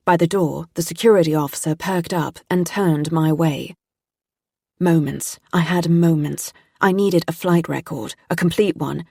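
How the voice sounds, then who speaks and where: A woman reading a mystery audiobook in a tense, steady first-person narration. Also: sits low, dry recording, studio quality.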